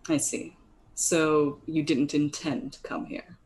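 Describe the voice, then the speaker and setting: A cold, aloof male elf chamberlain, put on by a woman with a low voice. He speaks in a clipped, disdainful manner, looking down on everyone. The voice sits low and steady. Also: slow pace.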